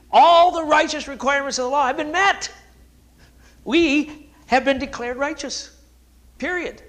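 A middle-aged man preaches with a voice that sits a little high and swings widely in pitch. He pushes hard on key points and drops back for wry asides about himself. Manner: animated preaching, self-deprecating asides. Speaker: pastor. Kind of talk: sermon.

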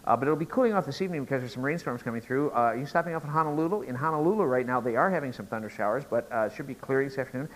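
A middle-aged man preaching a sermon, telling a joke story and rising to loud, emphatic peaks. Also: mid-range voice, animated, very fast, few pauses, low-quality recording. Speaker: pastor.

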